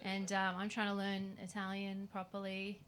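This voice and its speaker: A woman's voice: medium pitch, monotone, normal speed, fairly bright tone, a little hiss or hum. A young woman doing a stand-up set in a comedy club, brash and sweary, tossing "right?" into every bit. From Australia. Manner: brash, sweary punchlines with frequent "right?" asides. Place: comedy club stage with audience.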